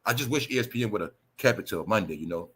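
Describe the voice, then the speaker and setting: A man putting on a hushed, mocking voice of a smug man who falsely insists everything is fine. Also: on the low side, lively intonation, fast, breathy edge, pitched below the performer's own voice, heavily acted. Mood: mock calm. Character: smug man brushing off scandal, falsely calm.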